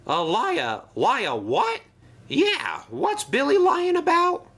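Give me a pair of hyper little storybook engines. They are squeaky and childish, their pitch shooting way up, and they are bursting with eagerness. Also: male voice, huge pitch swings, takes it slowly, a bit bright, heavily acted. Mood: eager. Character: high-pitched small twin engines, eager and silly.

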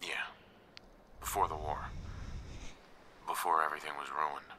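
An actor playing a weary male survivor in a video game, speaking in a quiet, subdued, heavy-hearted way. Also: a bass voice, fairly even intonation, moderate pace, exaggerated voice. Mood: somber. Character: weary male survivor woken from long cryo-sleep. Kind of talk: game character dialogue.

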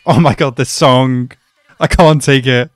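A young man hosting an anime reaction video, swinging between excited outbursts and quiet, reflective musing. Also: medium pitch, a little slow, dry recording, faint music behind. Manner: excitable, gasping and shouting, then reflective and subdued.

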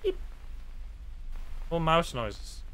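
Excitable male streamer, bright lively voice. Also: fairly high pitch, slow. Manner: excitable, swears, talks to chat. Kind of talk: live gameplay commentary.

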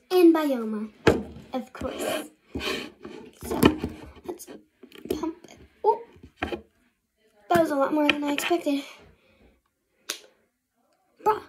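A woman's voice: high voice, drawn-out words, long pauses, heavy background noise. A young female vlogger talking casually through her bedtime skincare routine, rambling and often half-whispering to herself. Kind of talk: casual get-ready-with-me vlog.

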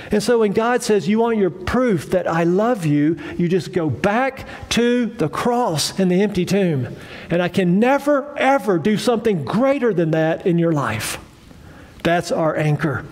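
A man's voice: sits high, darkish tone. A male pastor preaching a sermon in a conversational, emphatic way, repeating phrases for weight and asking the congregation questions.

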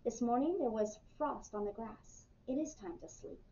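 A woman voicing a calm little snail in a storybook, soft and unhurried. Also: fairly high pitch, slight background noise, natural voice. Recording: muffled, distant mic with faint ambience.

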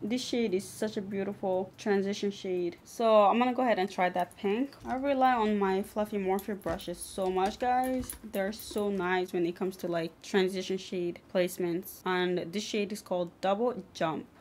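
A young woman vlogging a casual makeup tutorial, chatting to her viewers and breaking into excited exclamations. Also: medium pitch, moderate pace, hardly any pauses, a little hiss or hum. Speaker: beauty vlogger.

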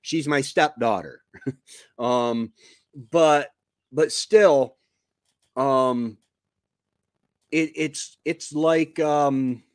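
A man's voice: mid-range voice, drawn-out words, long pauses, dry recording, studio quality. A man in his fifties hosting a homestead live stream, chatting casually in a rambling way with lots of fillers and restarts. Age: 50s. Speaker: homestead show host. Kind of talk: casual livestream chat. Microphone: computer mic on a live stream.

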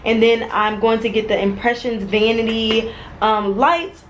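A woman's voice: a little high, slight background noise, rough recording. Chatty young woman vlogging at home. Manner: chatty, lots of "like" and quick asides. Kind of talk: casual home vlog chat. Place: at home, indoors.

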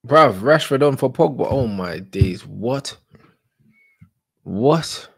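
A young man, giving live reaction commentary on football, slangy and shouting in disbelief. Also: medium pitch, animated, slow, vocal fry, breathy edge, no echo. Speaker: football watch-along streamer.

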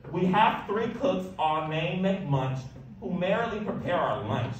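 Guy reading a kids' rhyming book, sing-songy, kinda high voice, sounds far from the mic. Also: measured pace. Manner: lively, sing-song delivery with big pitch jumps. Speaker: storybook reader. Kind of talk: rhyming picture-book read-aloud. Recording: echoey room, voice off-mic, faint hiss.

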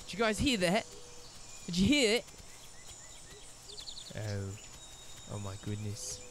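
A young man giving casual let's play commentary, excitable, breaking into squeaky high exclamations. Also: takes it slowly, slight background noise.

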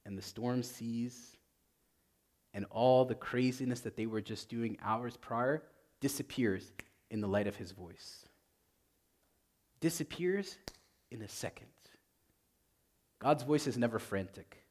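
A man preaching as a priest in a conversational way, often saying "like" and swinging from loud to very soft. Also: mid-range voice, measured pace. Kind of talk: sermon.

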